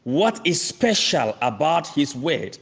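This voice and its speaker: Male preacher, slightly high, very animated pitch, emphatic repetition, sermon cadence. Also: gravelly. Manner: slow, emphatic, repeats key phrases; addresses listeners as friends. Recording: long reverb of a large hall.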